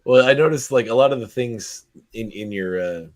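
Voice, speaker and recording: A man hosting a podcast interview, asking questions in a halting way with many restarts. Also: medium pitch, no room sound. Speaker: podcast host.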